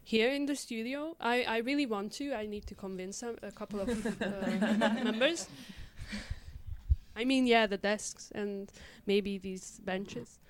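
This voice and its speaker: A woman's voice: medium pitch, measured pace, slight background noise. A young woman from Hungary, a community radio member, chatting casually and hesitantly with many fillers. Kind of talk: casual conversation.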